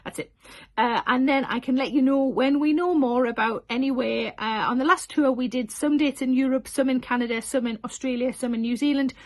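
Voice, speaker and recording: A woman's voice: high voice, steady tone, fairly quick, darkish tone. A woman in her forties chatting casually to camera about her tour dates, giggly and full of self-deprecating asides. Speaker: comedian announcing tour dates.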